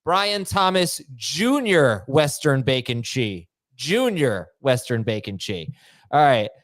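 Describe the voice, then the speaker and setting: A man's voice: medium pitch, very animated, takes it slowly, a bit bright, no room sound, studio quality. A man hosting a live fantasy football Q&A, reading viewer questions aloud and cracking puns. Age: adult. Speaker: host.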